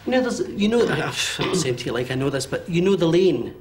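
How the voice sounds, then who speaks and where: A Scottish man in his forties giving a medium's reading, talking in a quick, animated way with many fillers and checks. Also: fairly high pitch. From Scotland. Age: 40s. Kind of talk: live one-to-one reading before an audience.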